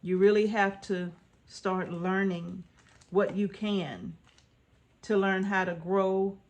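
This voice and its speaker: The recording is muffled, and the woman's mid-range voice is slow and steady in tone. She's a homestead vlogger giving folksy, informal, earnest advice, going over her points more than once and asking viewers "right?"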